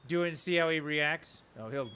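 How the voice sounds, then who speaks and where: A man's voice: a little high, fairly quick, clear, resonant tone. A middle-aged man chatting casually while streaming a video game with viewers. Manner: chatty, talks to his dog in a soft coaxing voice. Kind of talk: casual live-stream chat.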